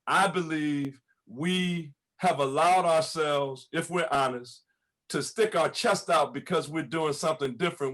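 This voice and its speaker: A man's voice: a little high, a bit bright. A man who is a pastor, speaking fervently on a panel, laughing often and repeating words when stirred. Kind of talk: impassioned panel testimony.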